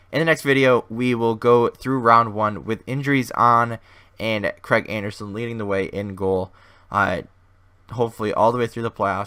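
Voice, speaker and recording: A man with a hoarse, fading voice giving casual, rambling commentary over a video game as host of his gaming channel. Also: on the low side, sharp tone. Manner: rambling, thinks aloud with many restarts.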